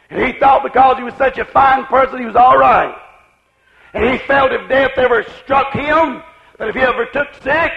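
Man, preacher, very high voice, gravelly, chanting revival sermon, muffled old recording. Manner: shouting, chanting cadence.

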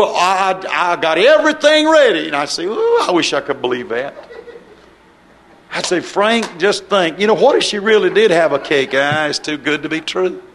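A man with a notably high voice delivers a fervent sermon. He swings between ringing, lifted cries and low, hushed stretches, pressing his listeners with question after question. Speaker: preacher.

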